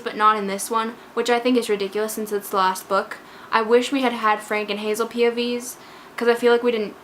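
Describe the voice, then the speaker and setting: A woman's voice: a little high, fairly bright tone, slight background noise. A woman talking through a book she loved in a casual vlog, gushing, scatterbrained and emotional as she jumps between parts. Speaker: book vlogger.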